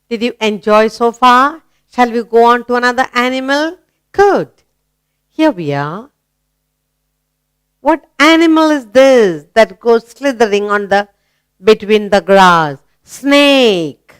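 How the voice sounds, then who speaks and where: A woman's voice: fairly high pitch, smooth, no room sound. A woman teaching a grammar lesson to young children, asking questions and praising answers. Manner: slow, coaxing, asks questions and praises.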